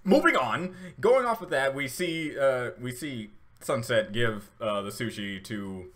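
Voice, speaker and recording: A man's voice: mid-range voice, expressive, unhurried, fairly bright tone. A man hosting a casual reaction video, rambling with many fillers and restarts, and getting emotional at times. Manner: emotional, laughing through tears.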